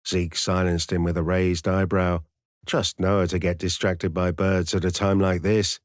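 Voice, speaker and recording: A man narrates an audiobook in a steady, measured storytelling manner. His voice sits fairly low, and the recording is dry and close with no room sound behind it. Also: dry recording.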